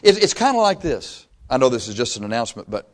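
A man preaches an impassioned, emphatic sermon, swinging from loud peaks to quiet asides and repeating phrases for emphasis. His mid-range voice moves through big pitch swings at a quick pace.

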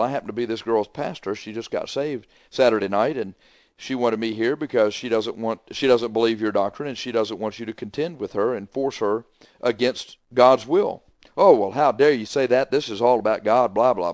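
A pastor preaching a radio sermon, a man who retells a heated argument with rising emphasis and plain, forceful talk. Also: mid-range voice, dry recording. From Texas.

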